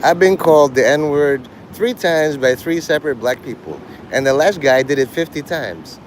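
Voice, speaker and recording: Out walking during a livestream, a man keeps up casual, rambling banter, cracking jokes and doing quick impressions of other people. His pitch is fairly high and his delivery animated, with a little hiss or hum on the recording.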